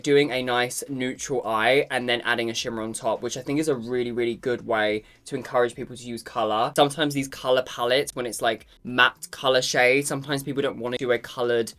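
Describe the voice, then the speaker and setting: Campy male beauty vlogger, mid-pitched, sassy and foul-mouthed, talking straight to camera. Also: fairly bright tone. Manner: sassy, campy and profane, calls the viewer "girl". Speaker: makeup vlogger. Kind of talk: casual makeup review to camera.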